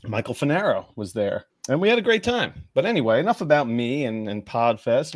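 A man co-hosting a casual podcast, loud and hyped up, throwing in profane exclamations. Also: mid-range voice, big pitch swings, a little fast, hardly any pauses, dry recording, clean studio sound. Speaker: podcast co-host.

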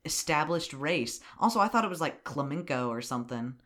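Chatty, animated movie podcast host. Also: mid-range voice, fairly quick. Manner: chatty, animated, swears freely. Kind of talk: casual movie recap.

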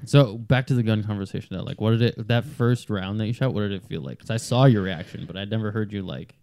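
A man's voice: lowish voice, fast, creaky, darkish tone, no echo. A man hosting a podcast, chatting in a laid-back, teasing way. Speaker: podcast host. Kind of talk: casual chat.

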